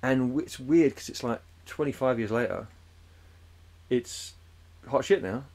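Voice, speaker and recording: A man in his forties rambles through a casual podcast chat. He swears freely and keeps slipping into silly put-on voices. His voice sits at an ordinary middle pitch. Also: a little slow, darkish tone. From England. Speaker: podcast co-host.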